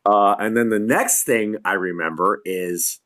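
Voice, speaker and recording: A man's voice: lowish voice, a little slow, fairly bright tone. A middle-aged man, a lighting designer and guest, telling a tour story in a casual way, acting out quotes and laughing often, over a video call from his home.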